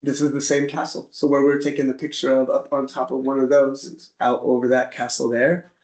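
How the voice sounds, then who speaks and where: An American man with an ordinary mid-pitched voice gives a relaxed slide-show talk to an interest group. Speaking a little fast, he tells his stories chattily and acts out little back-and-forth dialogues as he goes.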